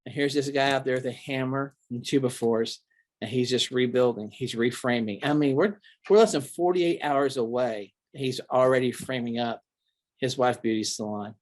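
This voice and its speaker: A man with an everyday mid-range voice tells his stories as a pastor, earnest and animated. He often stops and restarts mid-sentence while he recalls details. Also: mid-range voice, moderate pace. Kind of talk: recalled storytelling interview.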